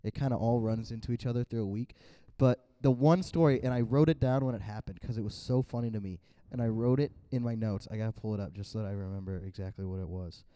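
A man's voice: lowish voice, quick pace, few pauses, warm tone, no room sound, clean studio sound. A young man co-hosting a podcast, telling a rambling story in casual chat with many "like"s and restarts. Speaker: podcast co-host.

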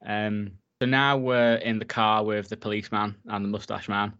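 A man's voice: on the low side, flat delivery, normal speed, a bit bright, clear, resonant tone, dull audio. A man casually recapping a horror film for his co-host, enthusiastic and swearing freely. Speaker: podcast co-host.

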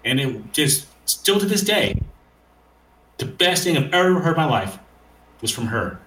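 A man hosting a relaxed conversation, eager and rambling, stumbling over his words as he goes. His voice is bright and a little high. The sound carries the echo of a hard room. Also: measured pace, a little hiss or hum. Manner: enthusiastic, rambling, hesitant. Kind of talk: casual podcast conversation.

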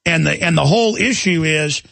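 Male talk radio host, somewhat high, gravelly voice, ranting and indignant. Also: normal speed, a bit bright, no room sound.

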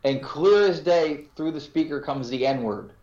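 A fairly high-voiced man tells a ghost-hunting tale with relish, animated and quick to laugh at himself. His voice sounds roomy and echoey. The audio is dull and lo-fi. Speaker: paranormal investigator guest. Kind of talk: casual podcast conversation.

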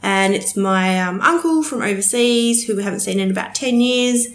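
A woman's voice: mid-range voice, moderate pace, reverberant. A woman hosting a casual solo podcast, rambling through stories with lots of fillers and frequent swearing. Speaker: podcast host.

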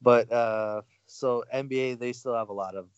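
A man hosting a podcast in casual sports chat, halting with many fillers and restarts. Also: medium pitch, steady tone, clean tone, no room sound, muffled recording. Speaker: podcast host.

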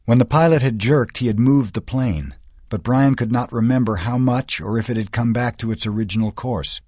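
A man's voice: medium pitch, normal speed, warm tone, no echo, clean studio sound. A man narrating an audiobook in a tense, dramatic storytelling manner.

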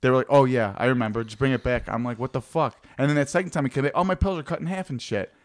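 A man's voice: mid-range voice, racing. Profane rambling man. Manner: rambling storytelling, heavy swearing. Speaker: podcast co-host. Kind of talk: casual profane chat.

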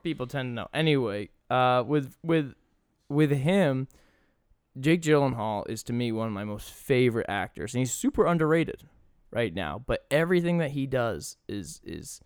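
Young man, podcast co-host, casual enthusiastic chat, swears freely, smooth clear voice. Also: mid-range voice, animated, normal speed, no echo, studio quality.

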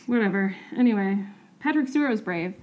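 A woman at a mid-range pitch, talking casually as a podcast co-host. She is blunt and dryly sardonic. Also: lively intonation, fairly quick, highs cut off. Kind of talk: casual chat.

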